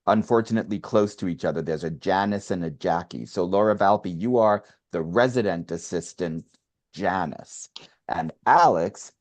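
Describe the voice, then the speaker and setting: Man with a lowish voice, orderly, polite, casting readers on a video call. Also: a little mellow. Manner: orderly, politely assigning parts. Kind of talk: casual chat on a video call.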